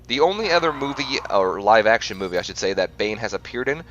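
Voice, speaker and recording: A man's voice: lowish voice, lively intonation, fast talker, a bit bright, highs cut off, slight background noise. A man hosting a game playthrough, reading facts aloud and often stumbling and correcting himself. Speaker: gaming channel host.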